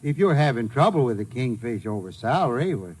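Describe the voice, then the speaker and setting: A man's voice: mid-range voice, sing-song, fairly quick, darkish tone, husky. A man doing scripted 1940s radio comedy, folksy and easygoing in manner.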